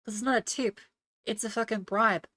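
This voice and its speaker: A woman's voice: a little high, steady tone, moderate pace, fairly bright tone, no echo, studio quality. A young woman streamer in casual livestream chat, ranting with a lot of swearing and mocking others in put-on voices. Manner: profane, ranting.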